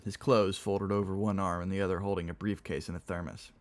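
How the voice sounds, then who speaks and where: Low-voiced man reading a novel aloud. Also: steady tone, a little fast. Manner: plain reading, chats with viewers between passages. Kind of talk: casual read-aloud narration.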